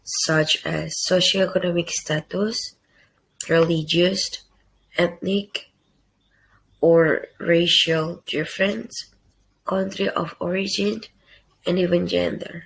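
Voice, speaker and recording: A young woman giving a read class presentation in careful, halting short phrases. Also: on the low side, fairly even intonation, gravelly, fairly bright tone, poor audio. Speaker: student presenter.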